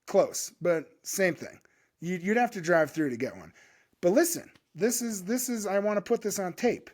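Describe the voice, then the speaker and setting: A man co-hosting a podcast in casual chat, loud and joking, with a lot of swearing. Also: sits high, expressive, normal speed. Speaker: podcast co-host. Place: home podcast studio.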